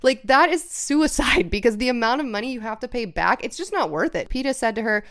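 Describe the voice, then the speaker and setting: A young woman co-hosting a podcast, telling a story in casual chat, animated, swearing often and acting out what people said. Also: a little high, brisk, few pauses. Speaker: podcast co-host.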